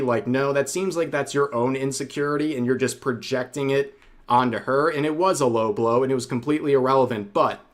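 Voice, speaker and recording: A man narrating a scripted commentary video in a measured, wry tone. His voice sits at a middle pitch and the delivery stays even and composed. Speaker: youtube commentator.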